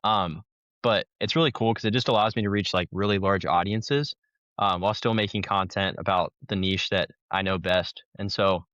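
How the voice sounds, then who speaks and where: Low-voiced man on a dull lo-fi line. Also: steady tone, moderate pace, fairly bright tone, dry recording. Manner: laid-back, lots of ums. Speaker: golf content creator. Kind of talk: conversational interview. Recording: dull lo-fi sound.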